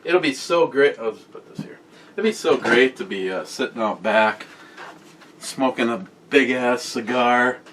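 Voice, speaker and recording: A man's voice: lowish voice, bright, forceful tone, far from the mic, slight background noise. A man on a casual beer-review vlog reads out viewer comments with crude, joking humor and a lot of swearing.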